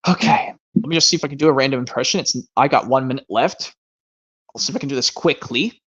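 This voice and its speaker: A man hosting a casual chat stream about his movie collection, talking in a rambling way with quick asides. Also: medium pitch, a bit bright, breathy edge. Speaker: stream host. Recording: lo-fi stream audio.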